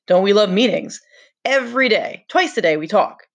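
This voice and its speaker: A woman's voice: medium pitch, very animated, brisk, fairly bright tone, pitched above the performer's own voice. A woman reading the lines of a frustrated, earnest boy leader in a novel, with emphatic, exasperated delivery.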